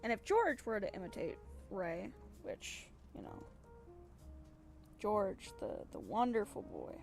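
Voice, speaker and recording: Lively, slow-talking woman streamer. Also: mid-range voice, gravelly, faint music behind. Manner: animated, halting with repeated words. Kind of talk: casual live-stream chat.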